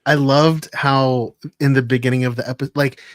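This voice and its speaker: A man co-hosting a podcast, chatting excitedly with lots of "like" and "you know". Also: mid-range voice, moderate pace, no room sound, studio quality. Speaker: podcast co-host. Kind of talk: casual chat.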